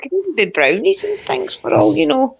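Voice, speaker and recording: A woman's voice: very high-pitched, sing-song, fairly quick, gravelly, muffled recording, crowd noise. A Scottish woman co-hosting a casual live stream about ghost lore, eager and full of guesses. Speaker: co-host. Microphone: remote live-stream call.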